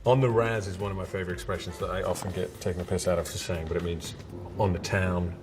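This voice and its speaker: A man, explaining slang in a relaxed, self-deprecating way during an interview. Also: low voice, fast. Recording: distant voice under loud music.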